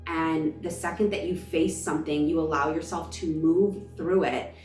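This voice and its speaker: A woman's voice: low-pitched, fairly even intonation, normal speed, darkish tone, echoey room, distant mic, faint music behind. A woman in her thirties, a spiritual vlogger, telling a personal story in an emotional, emphatic, gushing way.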